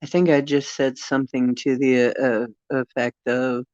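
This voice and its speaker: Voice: mid-range voice, flat delivery, normal speed, darkish tone, dry recording. A channel host musing hesitantly in casual spiritual talk, with frequent fillers and restarts. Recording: dull lo-fi recording.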